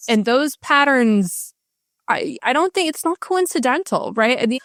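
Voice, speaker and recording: A woman guest in a candid interview, talking with passion and emphasis, in rushes with many restarts. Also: high-pitched, expressive, a bit bright, dry recording, clean studio sound. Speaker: guest author.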